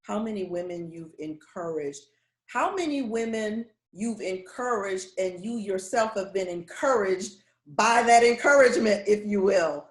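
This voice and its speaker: A woman's voice: mid-range voice, animated, a little slow. A woman hosting an interview, affirming her guest and trailing through restarts as she talks. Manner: warm affirming, rambling restarts. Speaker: interview host. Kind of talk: casual interview conversation. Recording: echoey room.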